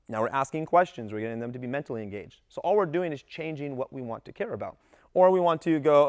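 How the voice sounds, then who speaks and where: A man coaching gymnastics coaches in a casual talk, lively and acting out what his athletes say. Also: a little high, quick pace, no echo. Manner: animated, acts out athletes' voices in quotes.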